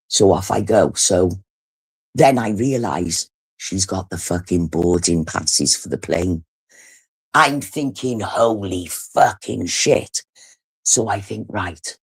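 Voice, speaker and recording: The livestream host, a middle-aged woman from the UK, has a very deep, slightly rough voice. Her casual storytelling is blunt and animated, and she swears heavily throughout.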